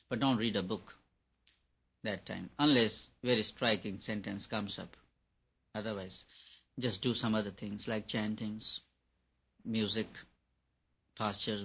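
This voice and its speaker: A man's voice: on the low side, fairly bright tone, slightly rough. A man giving an earnest, repetitive meditation lecture as a spiritual teacher. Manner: earnest, repetitive and emphatic, laughs at his own points. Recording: dull lo-fi recording.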